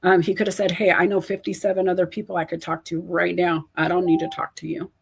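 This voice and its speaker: A woman hosting a casual chat as a coach, telling stories in a candid, animated way. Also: lowish voice, quick pace, gravelly, a little hiss or hum. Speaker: host and coach.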